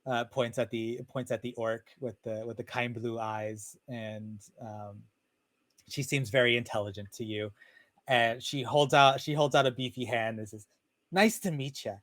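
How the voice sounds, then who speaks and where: A man narrates a tabletop game as its game master in a relaxed, rambling way, full of fillers. His voice sits in the middle range, and the sound is dry and close, as on a video call. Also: mid-range voice, moderate pace, no echo. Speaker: dungeon master.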